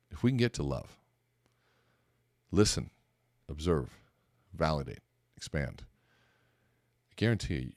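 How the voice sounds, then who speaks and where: A man's voice: very deep voice, no echo, studio quality. A man hosting a podcast, giving a motivational talk on conversation and acting out the dialogue of his stories. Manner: animated storytelling, acts out dialogue in a raised voice. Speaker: podcast host and speaker coach.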